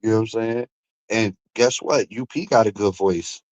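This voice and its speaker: A man's voice: lowish voice, normal speed, dry recording, poor audio. A man hosting a stream, ranting casually and profanely, with mocking asides. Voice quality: animated, profane, mocking impressions. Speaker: streamer host.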